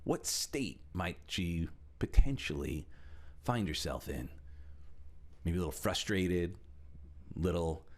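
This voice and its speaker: A middle-aged man giving a motivational talk as a coach, animated and acting out little quotes as he explains. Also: takes it slowly, pauses often. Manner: animated, shifts pitch a lot for emphasis, acts out quotes. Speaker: speaker and coach.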